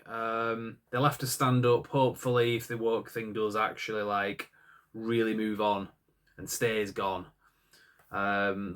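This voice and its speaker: A man's voice: on the low side, fairly bright tone. A man co-hosting a podcast, rambling and opinionated in casual chat, full of "like" and "um". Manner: rambling, opinionated, heavy use of "like" and "um". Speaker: podcast co-host.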